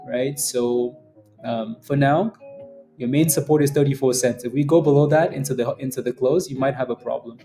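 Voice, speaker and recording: A man's voice: medium pitch, a little fast, mellow, faint music behind. A man hosting a casual live day-trading stream. He rambles, laughs often and keeps adding "right?" to his sentences. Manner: rambling and chatty, laughs often, many "right?" tag questions. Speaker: day-trading livestream host. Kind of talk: casual live market commentary.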